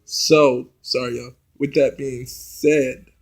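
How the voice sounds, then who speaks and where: A man casually recapping a reality TV episode, talking straight to his viewers and tripping over his words when he gets excited. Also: mid-range voice, takes it slowly, gravelly, rough recording. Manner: chatty, addresses viewers directly, restarts and stumbles when excited.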